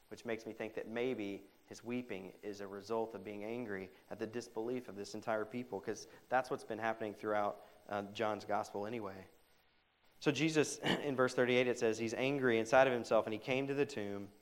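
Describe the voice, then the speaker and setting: Man preaching with dynamic, swinging delivery. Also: lowish voice. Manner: dynamic delivery, swinging between loud emphasis and hushed quotes; conversational asides with "right?". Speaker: pastor. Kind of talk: sermon.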